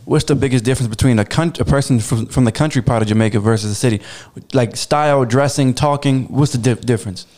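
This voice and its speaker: Fast-talking curious male interviewer. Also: mid-range voice, darkish tone. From Baltimore, USA. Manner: curious, rambling questions with restarts. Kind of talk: casual interview.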